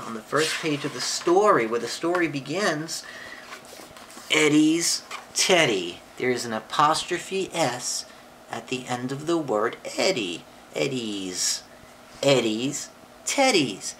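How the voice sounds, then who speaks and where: A woman reading a picture book aloud to a child and explaining punctuation, patient and affectionate, with sudden high excited voices for exclamations. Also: slight background noise, low-quality recording. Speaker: parent or relative reading to a child.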